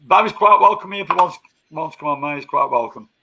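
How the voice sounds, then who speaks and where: A man's voice: a little high, lively intonation, fast, creaky, slightly rough, lo-fi sound. A man hosting a casual live-stream chat, bantering with coarse slang and laughing often.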